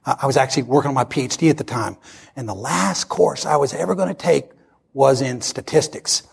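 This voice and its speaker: A man in his sixties preaches, animatedly recounting a personal story and acting out the dialogue. His mid-range voice is brisk, creaky, and husky.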